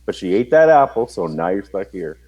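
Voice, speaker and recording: A man on a live stream panel, joking in a deadpan way. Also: lowish voice, a little fast, highs cut off, slight background noise.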